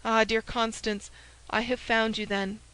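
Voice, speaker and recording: A woman voicing a cunning, scheming woman who speaks with a smooth, falsely sweet warmth. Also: fairly high pitch, little pitch movement, unhurried, low-quality recording. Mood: persuasive.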